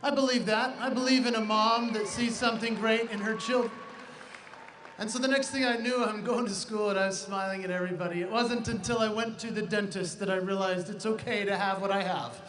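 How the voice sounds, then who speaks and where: A man doing stand-up storytelling at a live event, animated and acting out voices and sounds. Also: high voice, fairly quick. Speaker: stage performer at a benefit event. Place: large indoor event hall. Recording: echoey hall with crowd noise.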